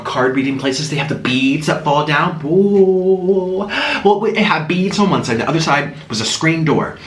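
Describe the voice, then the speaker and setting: A man with a fairly high, lively voice tells a story while he eats on camera. He gasps and murmurs between bites. The recording is echoey, with a faint hiss in the background. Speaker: mukbang vlogger.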